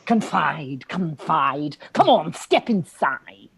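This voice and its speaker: A woman's voice: low-pitched, big pitch swings, slow pace, vocal fry, a little hiss or hum, heavily acted. A woman reading the role of a playful British man who teases and plays with words, over a video call. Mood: coaxing. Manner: teasing, wordplay, grand flourishes. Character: playful British man, teasing would-be poet.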